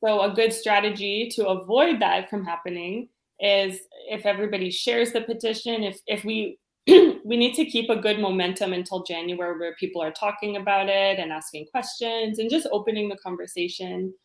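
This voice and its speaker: A woman's voice: medium pitch, steady tone, normal speed. Woman, interview guest, earnest, decisive, echoey room sound. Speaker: guest, petition organizer. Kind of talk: casual interview chat.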